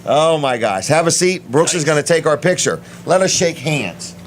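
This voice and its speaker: A man's voice: a little high, very animated, a little hiss or hum. A man hosting a casual local talk show, agreeing along with guests in short replies. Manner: encouraging, quick agreeing replies. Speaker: host. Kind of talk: casual chat.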